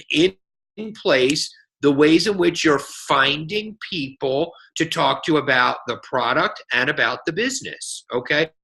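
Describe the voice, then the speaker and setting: A man coaching a team over a phone call in a fired-up sales pep talk. His voice is forceful and sharp-edged, and he talks in a folksy, energetic way, dropping a quick "okay?" after his points. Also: a little high. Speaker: guest speaker on a team call.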